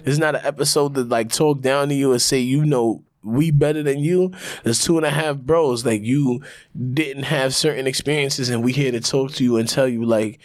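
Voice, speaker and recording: A loud, animated man, co-hosting a casual podcast and coaching his friend. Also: mid-range voice, moderate pace, dry recording, clean studio sound. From Brooklyn, New York. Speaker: podcast co-host. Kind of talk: casual chat.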